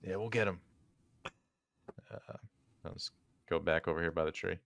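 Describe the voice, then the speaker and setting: A man playing a tabletop game over an online call, narrating his character's moves in an unhurried, hesitant way with many ums. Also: sits low, gravelly, fairly bright tone. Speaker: player.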